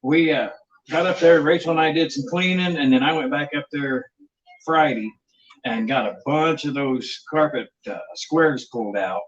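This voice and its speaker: A man's voice: on the high side, normal speed, recorded from a distance, highs cut off. A man, co-hosting a casual live stream in a joking, folksy way. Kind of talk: casual chat.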